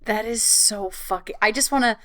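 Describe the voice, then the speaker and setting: A woman's voice: on the high side, normal speed, bright, forceful tone, no room sound, studio quality. Gushing, "like"-heavy woman podcast host. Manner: enthusiastic, lots of "like" and swearing, frequent backchannel agreement. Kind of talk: casual conversational interview.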